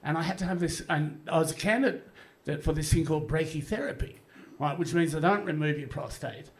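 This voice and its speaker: A man's voice: a little high, a little fast. A man in his fifties with an Australian accent doing live stand-up, rambling, crude and self-mocking, with lots of fillers and restarts. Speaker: stand-up comedian. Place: comedy club stage, audience laughing.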